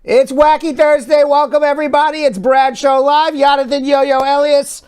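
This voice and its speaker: A man's voice: very high voice, flat delivery, normal speed, a little mellow. New York man hosting a live legal stream. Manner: upbeat, greets viewers by name. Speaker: immigration lawyer and show host. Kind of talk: live-stream chat, reading comments.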